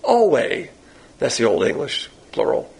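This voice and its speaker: A man's voice: mid-range voice, wildly swooping pitch, unhurried, vocal fry, a little mellow. A man preaching a sermon as a Bible teacher. He talks bluntly and with emphasis, firing off rhetorical questions. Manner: pointed, confrontational preaching.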